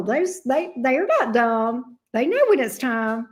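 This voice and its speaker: A woman's voice: fairly high pitch, sing-song, takes it slowly. A middle-aged woman, chatting playfully with her viewers as a tarot reader and laughing often. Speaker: tarot reader hosting a livestream. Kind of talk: casual chat with viewers.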